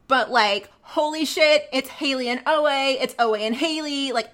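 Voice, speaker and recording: A woman co-hosting a casual fan podcast, talking excitedly and gushing. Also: high voice. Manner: excitable, gushing, fast asides. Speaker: podcast co-host.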